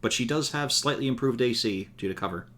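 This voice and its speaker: Male game master, bright voice, wry, laughs easily. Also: medium pitch, brisk. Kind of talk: narrating a tabletop game.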